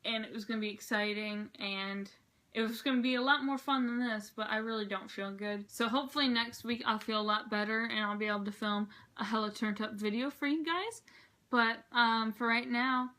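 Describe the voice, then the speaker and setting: A teenage girl vlogging in a rambling, excitable, chatty way. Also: fairly high pitch, brisk. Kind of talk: casual chat.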